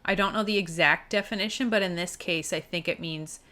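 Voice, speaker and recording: A woman's voice: fairly low pitch, a little fast, bright, forceful tone. A woman playing a tabletop adventure, chatting casually and reading the story text aloud with feeling. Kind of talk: casual chat and read-aloud narration.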